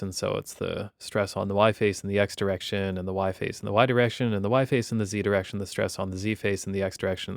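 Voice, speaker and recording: Male university lecturer, gravelly, relaxed and wry, dry close recording. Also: fairly low pitch, dry recording. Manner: wry, conversational explaining.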